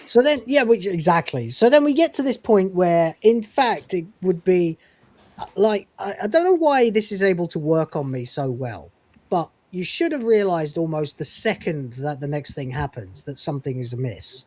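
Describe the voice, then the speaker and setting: A man's voice: high-pitched, animated, normal speed, dry recording. A man hosting a podcast who recaps a TV episode in casual chat, swearing freely and laughing as he retells scenes. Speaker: podcast host reviewing a TV episode.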